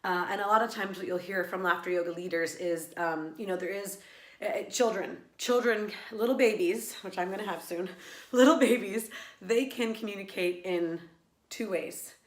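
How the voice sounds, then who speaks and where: A woman's voice: mid-range voice, normal speed. Earnest, reflective woman in an echoey room. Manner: earnest, reflective, with many fillers and restarts. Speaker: laughter yoga teacher. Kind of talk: personal vlog monologue.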